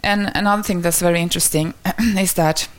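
A woman's voice: on the low side, steady tone, fairly quick. A woman presenting research findings at an academic talk, speaking hesitantly with many fillers and restarts.

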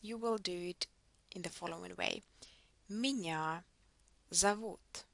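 A woman's voice: lowish voice, steady tone, normal speed, creaky, a bit bright, dry recording. A woman teaching a language lesson, patiently modelling words for the listener to repeat. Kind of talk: slow instructional lesson.

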